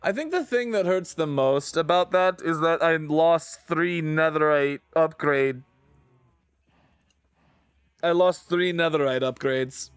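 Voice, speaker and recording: A man's voice: on the high side, slow pace, clean tone, no echo. A man streaming a video game, talking to himself and to chat, groaning and sighing over what he has lost. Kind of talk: casual gaming livestream commentary.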